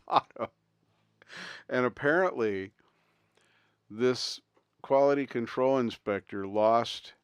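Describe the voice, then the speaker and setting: A man's voice: mid-range voice, smooth, no room sound. A man hosting his own livestream, telling rambling stories in casual chat and chuckling as he goes. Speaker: livestream host.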